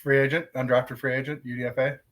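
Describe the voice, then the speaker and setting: A man co-hosting a podcast, chatting casually and chiming in with quick asides. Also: medium pitch, level tone, a bit bright. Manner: conversational, chimes in with quick asides. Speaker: podcast co-host. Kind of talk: casual sports chat.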